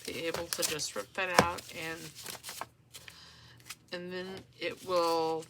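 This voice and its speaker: A woman talks slowly and rambles to herself while she tears book pages for a craft project. Her voice has a gravelly fry. There is steady noise behind her in a home recording. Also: on the low side. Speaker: junk journal crafter. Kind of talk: casual crafting tutorial chat. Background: dog and paper rustling.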